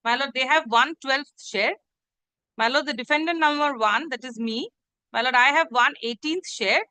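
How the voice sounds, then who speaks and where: A woman's voice: sits high, moderate pace, sharp tone, smooth, dry recording, poor audio. A woman advocate, making a formal, deferential submission to a judge in a courtroom hearing and addressing him as "my lord" again and again. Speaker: advocate arguing before a judge. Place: courtroom hearing, live-streamed.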